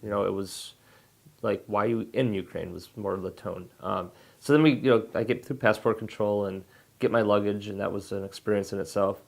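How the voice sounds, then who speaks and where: A man's voice: fairly low pitch, fairly even intonation, a little fast, creaky. A male author answering interview questions in a loose, rambling way, full of restarts and fillers.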